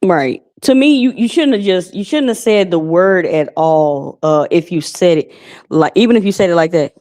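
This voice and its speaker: A woman's voice: lowish voice, animated, moderate pace, darkish tone. A woman hosting a casual live stream, rambling and chatty, calling people honey.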